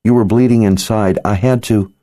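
A man's voice: on the low side, steady tone, normal speed, mellow, no room sound, clean studio sound, pitched above the performer's own voice, lightly acted. A man voicing an earnest, worried young female sorceress healer, speaking in a pleading manner.

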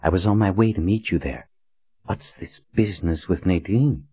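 A man voicing a level-headed woman officer who speaks calmly and firmly, sometimes under her breath. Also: sits low, normal speed, husky, no room sound. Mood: hushed. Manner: calm, firm, sometimes hushed. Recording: dull dry recording.

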